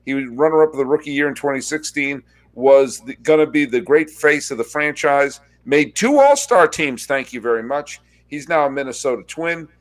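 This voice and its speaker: A man hosting a sports podcast, chatting casually and telling wry stories with quick asides. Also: mid-range voice, lively intonation. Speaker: podcast host.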